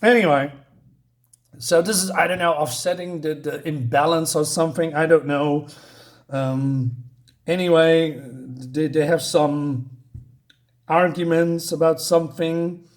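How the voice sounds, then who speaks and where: A man talks through a comic he plainly thinks is a mess, in a fairly high voice. He rambles, trips over his words and drops sarcastic asides as he goes. The delivery is a casual solo review monologue. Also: fairly even intonation, unhurried. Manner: exasperated, sarcastic, rambling with restarts.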